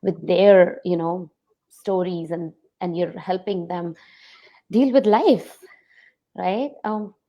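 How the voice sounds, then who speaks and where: A woman with a lowish voice hosts an interview podcast. She answers her guest with empathy and affirmation, then moves the talk along with gentle questions. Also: slow pace, dull audio. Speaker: podcast host. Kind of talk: interview conversation.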